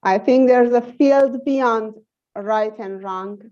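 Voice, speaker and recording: A woman in a group English lesson speaks slowly and reflectively, feeling for each word. Her voice is mellow and dark. The sound is dull and lo-fi. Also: on the high side. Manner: reflective, searching for words. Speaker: student in an English conversation class. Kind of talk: classroom discussion.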